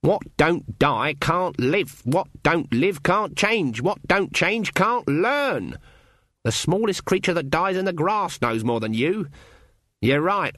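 A man reading an audiobook voices a fierce, proud old witch woman with a croaking, scornful, deliberate delivery. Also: on the high side, a bit bright, dry recording, studio quality, voice pushed up. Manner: defiant, scornful, slow and deliberate. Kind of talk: audiobook character voice.

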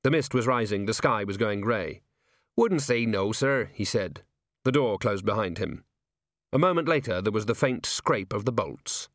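A man narrates an audiobook in a measured, even storytelling style. His voice is lowish, and the clean studio recording has no echo.

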